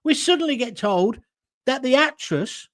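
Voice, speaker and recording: A man's voice: very high-pitched, animated, normal speed, a bit bright. A middle-aged man giving a sarcastic, indignant political rant as an online commentator. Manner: slips into mocking impressions. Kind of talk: ranting political monologue.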